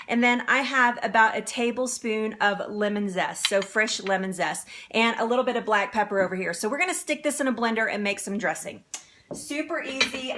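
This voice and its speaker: A woman's voice: a little high, sharp tone, slight background noise. A woman hosting a live cooking demonstration in her home kitchen, chatty and upbeat, laughing often. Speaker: cooking show host.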